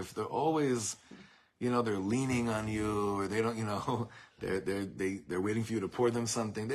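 Husky low-voiced man teaching a class. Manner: warm, searching delivery with many restarts and Hebrew quotes. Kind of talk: Torah class lecture. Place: classroom with students present.

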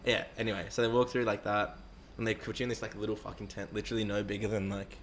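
A young man rattles through a rambling story at a fast clip, acting out the voices of the people he quotes. His voice sits fairly low and his talk is loose and full of swearing. Faint noise sits under the recording. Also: little pitch movement. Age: young adult. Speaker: interviewee. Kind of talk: casual storytelling with heavy swearing.

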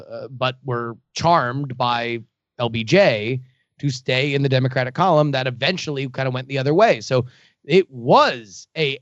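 A man's voice: mid-range voice, fairly bright tone, no echo, dull audio. A man co-hosting a call-in radio show, explaining political history at length with many restarts. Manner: explanatory, lots of fillers and restarts. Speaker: radio co-host.

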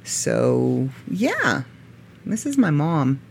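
A middle-aged woman with a low voice, hosting a podcast in a chatty, self-mocking way and laughing often. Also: sing-song, drawn-out words, gravelly, a little hiss or hum. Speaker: podcast host. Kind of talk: casual podcast monologue.

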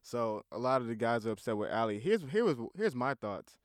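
A man's voice: medium pitch, big pitch swings, brisk, no room sound, studio quality. Laughing young male podcast host. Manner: playful, laughs often. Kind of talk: casual comedic chat.

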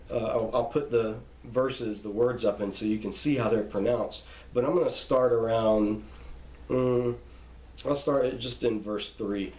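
A man's voice: medium pitch, a little mellow. Man teaching, in a roomy echo. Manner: explanatory, with many fillers and restarts. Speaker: Bible teacher. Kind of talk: casual spoken lesson on pronunciation.

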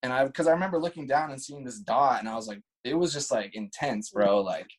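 Speaking fairly quickly at medium pitch, a thirtysomething guest shares a story full of slang and swearing, leaning heavily on "like" and "dude" in a laid-back manner. The recording quality is low.

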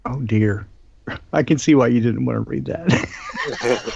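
A man's voice: medium pitch, slow pace, gravelly, a little mellow, husky, dry recording, highs cut off. Hesitant man hosting a live chat. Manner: hesitant, many ums and restarts. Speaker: host. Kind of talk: casual live-stream chat.

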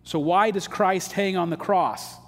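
A man's voice: high voice, a little slow, fairly bright tone. A pastor preaching a sermon in a casual, emphatic way, dropping slang asides as he explains scripture. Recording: long hall reverb.

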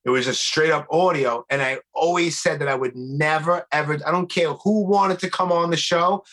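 A man's voice: on the high side, steady tone, normal speed, fairly bright tone. A man hosting a podcast on a video call from his bedroom, easygoing and swearing freely. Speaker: podcast host. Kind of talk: casual interview chat. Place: bedroom at home.

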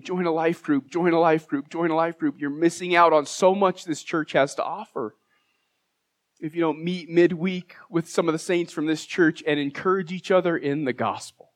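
Man preaching a heartfelt sermon. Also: mid-range voice. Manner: emotional, heartfelt, self-deprecating humor. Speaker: pastor. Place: church sanctuary.

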